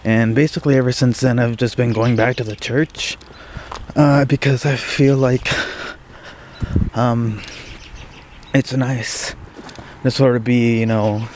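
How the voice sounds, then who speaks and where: A young man vlogging outdoors in the snow at dawn, talking quietly and hesitantly with many fillers, shivering and breathing heavily. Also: mid-range voice, steady tone, slow, pauses often, a little hiss or hum. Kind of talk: casual vlog talk to camera.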